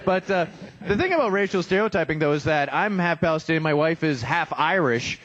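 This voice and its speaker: Performing stand-up live on a restaurant stage, a young man pokes fun at himself and acts out the voices he quotes. His voice is fairly high and fairly bright, with lively intonation and a fairly quick pace, and the recording's highs are cut off.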